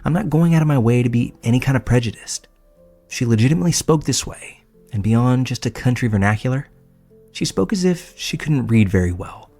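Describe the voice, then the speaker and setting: Male narrator, mid pitch, steady scripted horror reading, soft music underneath. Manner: measured storytelling, casual profanity. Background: faint music.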